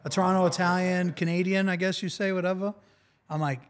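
A young man with a New York accent, a guest chatting loudly and teasing on a podcast. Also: sits high, fast. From Brooklyn, New York. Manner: loud, animated, teasing. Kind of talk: casual chat.

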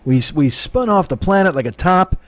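A man's voice: high-pitched, lively intonation, a little fast, no echo. Profane, rambling comedian man. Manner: rambling, profane, self-mocking, bursts into silly crooning. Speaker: podcast host. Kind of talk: casual comedic monologue.

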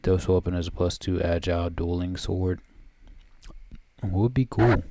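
A man's voice: low voice, a little slow, noisy background. A man thinking aloud while playing a fantasy game, mumbling numbers and item names. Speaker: gameplay commentator. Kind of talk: casual let's-play commentary.

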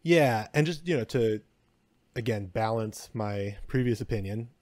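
A man's voice: on the low side, animated, measured pace, a little mellow, no echo. A man co-hosting a podcast, giving blunt, opinionated film takes and swearing casually. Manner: opinionated, swears freely, occasional stumbling. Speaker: podcast co-host. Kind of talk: casual film review chat.

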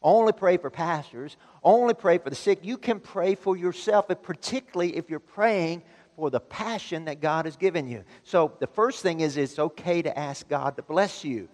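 Preacher in a reverberant church. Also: male voice, on the high side, normal speed. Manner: emphatic, building to loud exhortation. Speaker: pastor. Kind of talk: sermon. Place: church sanctuary.

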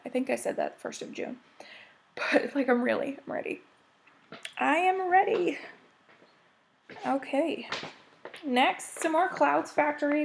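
A woman's voice: fairly high pitch, vocal fry, a little mellow. An American woman chatting casually as she shows her cross-stitch projects, rambling and gushing over them. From United States. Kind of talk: casual show-and-tell chat.

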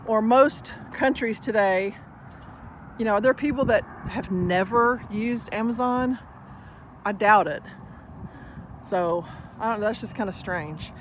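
A woman chatting casually to the camera at an outdoor dog park. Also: slight background noise. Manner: chatty, praises her dogs in a high sing-song. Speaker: dog vlogger. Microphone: action camera.

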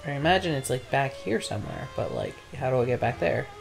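A woman's voice: very deep voice, huge pitch swings, fast talker, vocal fry, over music. A woman playing through a video game on a let's play, talking in a dry, matter-of-fact way. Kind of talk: casual gaming chat.

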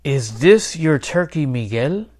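A man voicing a kindly priest who speaks gently and calmly. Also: fairly high pitch, slow, full character voice. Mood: gentle.

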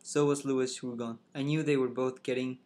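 A man's voice: mid-range voice, level tone, normal speed, a little mellow. A man reads a novel aloud in the first person with a mid-range voice. He stumbles, restarts words and rereads lines, breaking off now and then to comment on the passage. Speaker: reader.

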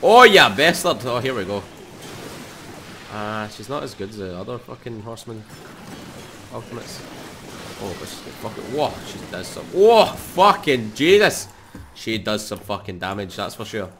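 A young Scottish man giving sweary, excitable let's play commentary into a desk mic. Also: fairly low pitch, normal speed, long pauses, slight background noise. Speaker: gaming YouTuber.

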